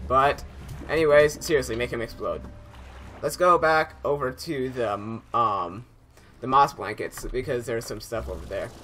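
Young male gamer, chatty and rambling, bright forward tone. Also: medium pitch. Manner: chatty, rambling, yelps when startled. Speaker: gaming YouTuber. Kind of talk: casual let's play commentary.

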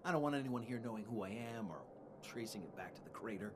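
A man voicing a scheming ally in a video game, speaking in a low-key, conspiratorial, matter-of-fact way. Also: lively intonation, fast, crowd noise, lightly acted.

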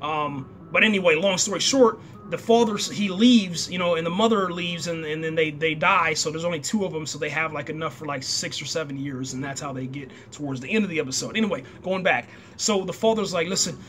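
A man with a fairly high voice recaps a TV episode in a loose, slangy way. He keeps jumping into the characters' lines and reacting to them. A faint noise sits under the recording. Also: brisk, hardly any pauses, a bit bright. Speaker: show reviewer.

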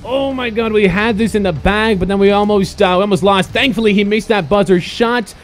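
A young man commentating his own basketball video game, excitable and swearing, shouting at the players. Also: high-pitched, a little fast. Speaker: gaming host. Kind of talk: gameplay commentary. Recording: faint music behind.

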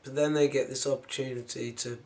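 Man, casual spiritual musing, rambling and unhurried, mid-pitched voice. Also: flat delivery. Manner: musing, wandering, with soft laughs and trailing-off phrases. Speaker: spiritual vlogger.

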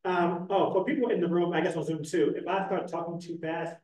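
A man from Philadelphia giving a conference panel talk, talking quickly and loosely with lots of fillers. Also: fairly high pitch, little pitch movement, darkish tone, distant mic. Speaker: panel presenter. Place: conference room with hybrid online audience. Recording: echoey room, speaker away from the mic.

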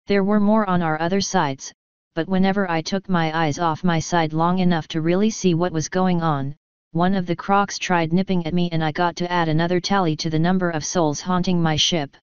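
Woman reading fanfic out loud, super clear lowish voice, dry slightly muffled sound. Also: normal speed, no room sound. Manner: steady first-person narration. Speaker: fanfiction reader. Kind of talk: reading a story aloud.

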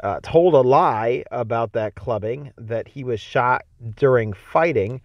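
A man teaching a homeschool literature lecture, reading a novel aloud and thinking out loud about it in a conversational way. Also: medium pitch, a little slow, no echo, dull audio.

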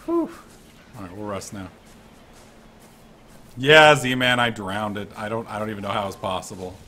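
A man giving casual commentary over his own gameplay, excitable and swearing freely. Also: lowish voice, normal speed, a little hiss or hum. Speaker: let's-play gamer.

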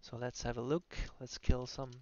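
A man's voice: mid-range voice, little pitch movement, moderate pace, a little mellow. A man voicing over a video game class guide, explaining hesitantly with many fillers. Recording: dull lo-fi audio with faint music.

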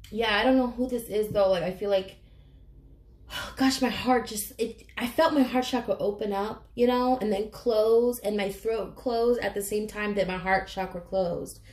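A woman's voice: mid-range voice, a little slow, reverberant. A woman giving a casual, emotional tarot reading to camera, choked up and swearing casually. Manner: chatty, emotional, swears casually, keeps saying "you guys". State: choked up, near tears. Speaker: tarot reader.

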